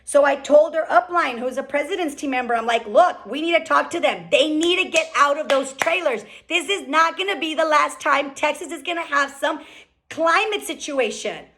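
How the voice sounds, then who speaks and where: Woman, high voice, motivational team call, fast and fired up, keeps asking okay?. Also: a bit bright. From California. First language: Spanish. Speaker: team leader speaking on a group call. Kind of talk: motivational business talk. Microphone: call microphone.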